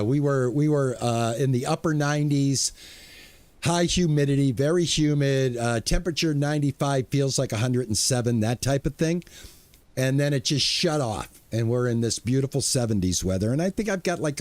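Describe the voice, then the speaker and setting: A man's voice: mid-range voice, expressive, normal speed, a little mellow, no echo. Chatty man greeting his stream viewers. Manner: repeats and restarts words often. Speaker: game streamer. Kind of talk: casual live-stream chat.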